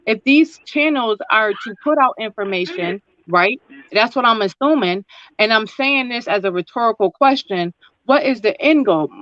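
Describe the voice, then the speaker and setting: A woman's voice: a little high, animated, normal speed, fairly bright tone, no room sound, lo-fi sound. A woman in a panel discussion, questioning the others and pushing back on their points.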